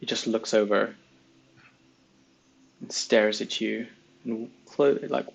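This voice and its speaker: A man narrating a tabletop fantasy game as game master, describing scenes in a measured way with pauses. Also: lowish voice, steady tone, creaky, husky, poor audio.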